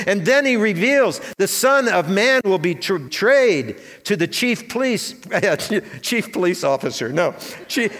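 A man's voice: high-pitched, big pitch swings, unhurried, few pauses, fairly bright tone. A man preaching a sermon to his congregation, earnest and full of rhetorical questions. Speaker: pastor. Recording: long hall reverb.

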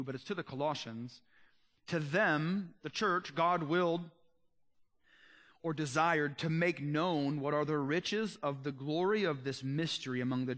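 Casting note: male pastor, slightly high voice, earnest and conversational, slows to stress key lines. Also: fairly bright tone. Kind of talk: sermon.

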